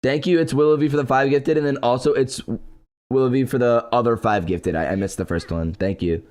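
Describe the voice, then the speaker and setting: A man's voice: mid-range voice, a little fast, a little mellow. A young man streaming live, chatting casually with his viewers and thanking donors, his voice stuffy and congested from just waking up. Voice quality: congested morning voice. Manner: laid-back, answers chat and thanks donors.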